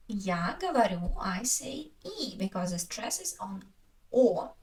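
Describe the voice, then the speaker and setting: A woman teaching pronunciation, saying each word slowly and repeating it with careful stress. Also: medium pitch, lively intonation. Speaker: language teacher. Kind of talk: slow, careful pronunciation lesson.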